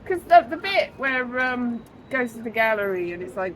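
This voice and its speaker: A woman interviewing a stage performer, chatting casually and reacting often with quick agreement and lively opinions. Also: mid-range voice, rough recording.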